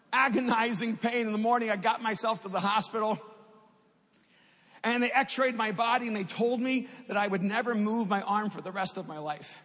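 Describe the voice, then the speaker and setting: High-voiced man telling his testimony. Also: fairly bright tone. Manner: storytelling, rising to impassioned at climaxes. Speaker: speaker giving a testimony. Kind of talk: personal testimony talk. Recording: long hall reverb.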